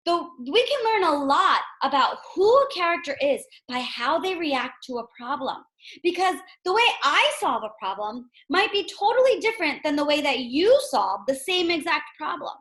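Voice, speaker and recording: A woman teaching a reading lesson to young children in a gentle way. She asks questions and often checks in with them. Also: sits high.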